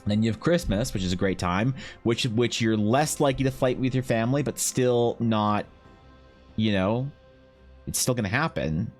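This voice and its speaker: A man's voice: mid-range voice, moderate pace, soft background music. A young Canadian man streaming, chatting loosely and profanely while answering his chat. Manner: rambling, loose and profane, reads chat aloud. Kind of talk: casual chat while drawing.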